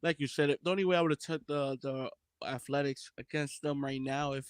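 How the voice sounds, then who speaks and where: A man's voice: mid-range voice, steady tone, fairly quick, smooth, no room sound. Laid-back sports-betting podcast man. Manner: laid-back, informal Southern-style slang. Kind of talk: casual sports betting chat.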